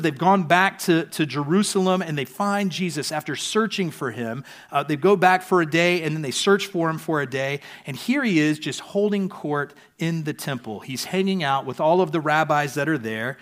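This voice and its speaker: A man preaching a sermon earnestly, his voice softening at the ends of sentences. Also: fairly high pitch. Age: adult parent. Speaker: pastor.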